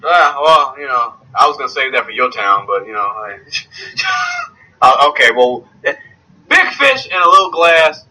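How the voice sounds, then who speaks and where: A man's voice: mid-range voice, huge pitch swings, measured pace, sharp tone, slightly rough, rough recording. A man co-hosting a podcast in casual chat, brash and profane, laughing often. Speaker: podcast co-host.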